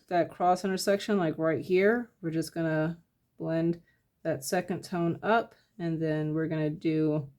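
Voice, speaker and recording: A painting instructor with a deep voice walks through a casual, step-by-step tutorial. She thinks aloud about her process in a relaxed way, using plenty of fillers.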